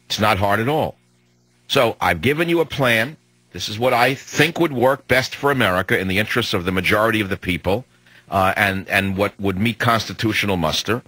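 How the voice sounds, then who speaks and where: A man's voice: lowish voice, pushed and bright, husky, no echo, low-quality recording. A combative talk radio host, a man in his sixties, delivering an emphatic, hectoring monologue on a studio microphone.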